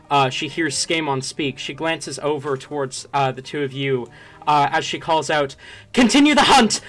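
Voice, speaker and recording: A man narrating as game master for a tabletop game, halting often with fillers. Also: a little high, a bit bright.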